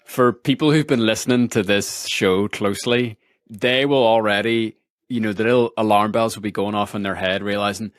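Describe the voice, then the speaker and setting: A man with a low voice recorded dry and close, hosting a casual interview. He asks questions in a relaxed, chatty way and slips in quick asides. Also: dry recording. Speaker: podcast host interviewer.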